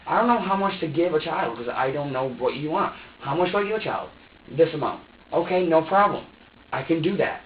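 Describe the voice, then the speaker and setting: This young man's voice is on the high side, expressive and brisk as he defends himself to police, circling back over the same points. Recorded from across the interview room, the sound is tinny and echoey with a little hiss or hum.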